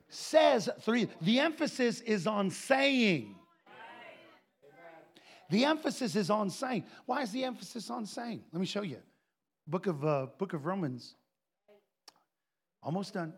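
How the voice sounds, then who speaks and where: A male preacher giving a sermon, swinging between quiet, joking asides and shouted proclamations. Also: high voice, sing-song, measured pace, pauses often, slightly rough. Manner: folksy, joking, with laughter.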